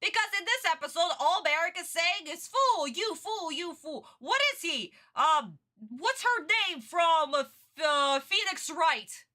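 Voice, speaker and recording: Fields: bright, giggly woman rambling. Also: extremely high pitch, expressive, measured pace, few pauses. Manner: rambling and giggly, laughing often. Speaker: reaction video host. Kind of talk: casual chat.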